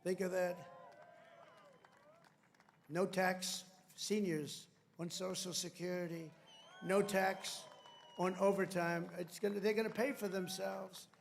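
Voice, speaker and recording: A man's voice: sits high, little pitch movement, takes it slowly, vocal fry, long pauses, slight background noise. An older man giving a rambling, boastful political speech from a podium, repeating himself and drifting into asides. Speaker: speaker at a military base.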